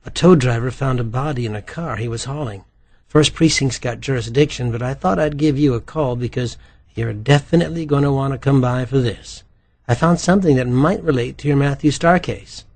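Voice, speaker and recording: A man's voice: medium pitch, brisk, a little mellow, pitched above the performer's own voice, close to an everyday voice. A man voicing a chatty, teasing woman medical examiner in an audiobook. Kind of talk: audiobook character voice.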